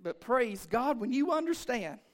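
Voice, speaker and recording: A male pastor preaching a sermon in church, building from low murmurs to shouted, rhythmic repetitions. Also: sing-song, a little slow.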